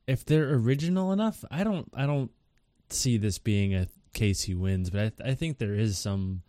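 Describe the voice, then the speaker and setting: Man, podcast co-host, low voice, hesitant, dry humor, dry recording. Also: a little mellow, no room sound. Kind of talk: casual news chat.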